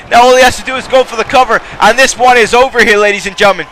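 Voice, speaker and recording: A man giving excitable play-by-play commentary on a wrestling match, calling out moves, shouting at the big spots and drifting into rambling asides to the audience. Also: sits high, quick pace, few pauses, slight background noise.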